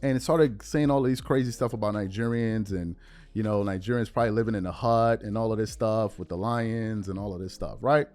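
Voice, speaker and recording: A man's voice: on the low side, fairly even intonation, brisk, a little mellow, faint music behind. A man from the United States with a Bronx accent, hosting a heated commentary monologue, emphatic and repetitive, rising to indignant outbursts. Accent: New York (Bronx). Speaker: show host.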